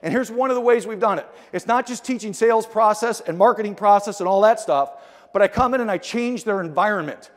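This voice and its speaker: A middle-aged man giving an energetic motivational keynote speech in a large conference hall, telling stories and acting out the dialogue. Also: high voice, brisk. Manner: energetic, storytelling with acted-out dialogue. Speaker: keynote speaker. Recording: long hall reverb.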